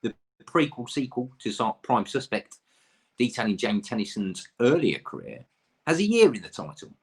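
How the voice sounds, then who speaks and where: A man's voice: medium pitch, very animated, normal speed, breathy edge. A man in his thirties from the UK, hosting a pub quiz with chatty, rambling, self-deprecating asides.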